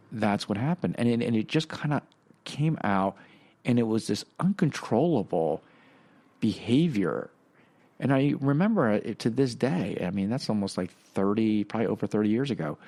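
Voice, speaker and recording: A middle-aged man hosting a podcast, telling a personal story in a halting, reflective way with many fillers and restarts. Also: lowish voice, darkish tone. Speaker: podcast host.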